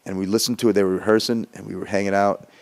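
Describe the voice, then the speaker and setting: A man's voice: lowish voice, flat delivery, very fast, creaky, darkish tone. A middle-aged man telling a loose, laid-back story in casual chat, with casual swearing. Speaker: musician sharing a memory.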